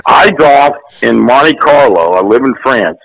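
A man in his sixties, an actor being interviewed, telling stories in a lively, casual way. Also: medium pitch, unhurried, gravelly, a crowd in the background, low-quality recording. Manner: animated, jumps into acted voices. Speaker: guest actor. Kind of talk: casual storytelling.

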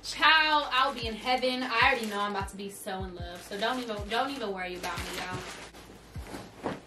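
A young woman chats rapid-fire in a mid-range voice during an excited clothing try-on haul vlog, bubbly and gushing straight to her viewers. She sounds a bit far from the mic, with music underneath.

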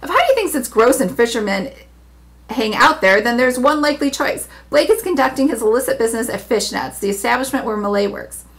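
A woman reading aloud, voicing a quick, wry, worldly gentleman. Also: on the high side, animated. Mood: scheming.

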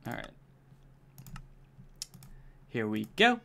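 Excitable young man streaming a game. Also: medium pitch, very slow, gravelly. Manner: jokey, excitable, talks to himself and to chat. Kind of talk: casual live-stream gameplay chatter.

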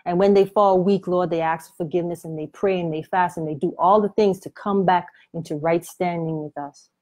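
A woman voicing Jesus as a gentle adult man, speaking in an earnest, pleading way. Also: fairly low pitch, fairly even intonation, fairly quick, close to an everyday voice.

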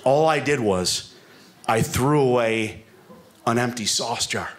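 On a comedy club stage, a man holds a handheld mic and works through a rambling, self-deprecating stand-up routine. His medium-pitched voice is animated but slow-paced, and room noise from the live set is audible.

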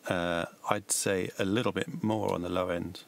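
A man, working as a mastering engineer, giving relaxed, hedged feedback on music mixes. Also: low-pitched, moderate pace, vocal fry, slight background noise. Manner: relaxed, hedging suggestions. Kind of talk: casual spoken feedback.

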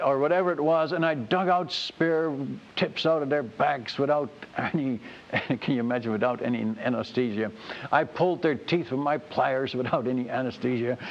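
An older man, a missionary, telling his mission-field story in a folksy, animated sermon, often calling the audience folks and friends. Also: fairly high pitch. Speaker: missionary speaker. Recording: dull, hissy old recording.

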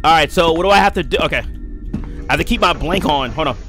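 A man's voice: a little high, quick pace, pushed and bright, faint music behind. A young man livestreaming a game, chatting casually, greeting viewers by name and reacting jumpily. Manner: hyped, greets chat by name, jumpy reactions. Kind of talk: casual gaming commentary.

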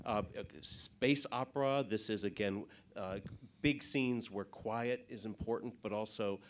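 A man's voice: lowish voice, a little slow, slight background noise. A man moderating a panel interview, asking rambling, searching questions.

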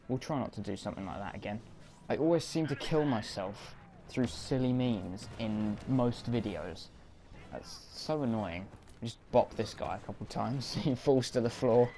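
A man's voice: on the low side, a little slow, dark tone, a little hiss or hum. A man giving casual, self-mocking commentary while playing a video game, reacting on the fly. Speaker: gaming commentator.

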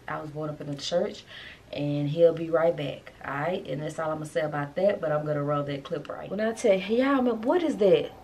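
Chatty emotional woman with a dark voice. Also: low voice, slight background noise. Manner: emotional, chatty, addresses viewers as y'all. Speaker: vlogger, mother. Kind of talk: casual vlog to camera.

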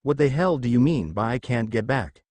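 A man's voice: medium pitch, moderate pace, dry recording, lightly acted. A man doing a brash young ninja. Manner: excitable, blurting and loud. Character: brash young male ninja, loud and impulsive.

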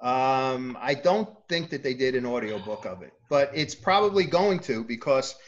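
A man's voice: mid-range voice, lively intonation, normal speed, muffled recording. A man talking as a guest author in a casual interview, hesitating often with ums.

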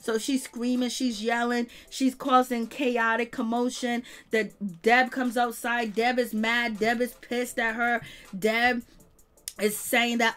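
A woman's voice: a little high, level tone, unhurried, fairly bright tone. A woman giving a casual recap of a reality show episode, blunt and slangy, swearing freely.

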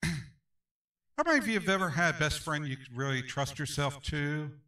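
A man's voice: on the high side, animated, a little slow, pauses often, sharp tone, far from the mic, rough recording. Male pastor leading Sunday school; brassy, ringing voice, emphatic call-and-response, picked up from across the room. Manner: emphatic, repeats phrases, calls for amens.

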